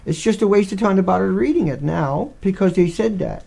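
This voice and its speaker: Guy with a gravelly slightly high voice rambling on his live stream, lots of restarts. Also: fairly quick. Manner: animated, digressive, many restarts.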